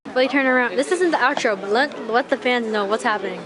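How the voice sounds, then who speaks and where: A woman's voice: a little high, quick pace. A young woman filming a casual vlog, chatting and teasing her friend in a playful way. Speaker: vlogger. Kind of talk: casual chat. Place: busy indoor market and shops. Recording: loud crowd and music around.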